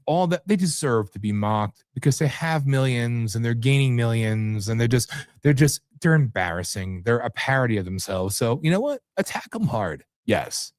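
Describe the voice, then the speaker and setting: A man's voice: medium pitch, no echo, studio quality. Combative, profane talk show host man. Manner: rambling, profane, combative, jumps between topics. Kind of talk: live political talk show rant.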